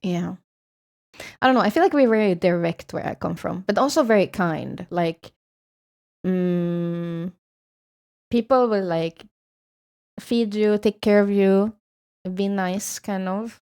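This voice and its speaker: A woman's voice: mid-range voice, slow pace, pauses often, darkish tone, smooth. A woman from Sweden with a Swedish accent, streaming and chatting casually with viewers in a rambling, swearing style.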